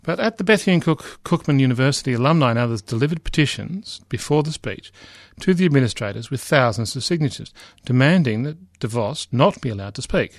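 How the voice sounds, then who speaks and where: A man's voice: mid-range voice, lively intonation, brisk, few pauses, dry recording, clean studio sound. A middle-aged man lecturing, reading a news report aloud with frequent asides, fillers and restarts.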